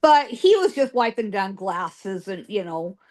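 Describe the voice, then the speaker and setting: Woman, psychic guest, interview storytelling, emphatic repetition, slow delivery. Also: mid-range voice, very animated, a little mellow. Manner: emphatic, piles up repeated words. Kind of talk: telling ghost stories in an interview.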